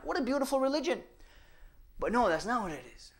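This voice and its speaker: A man giving a religious lecture, firing rhetorical questions at the audience and swinging between loud emphasis and hushed asides. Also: very high-pitched, big pitch swings, fast talker. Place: mosque or Islamic center hall.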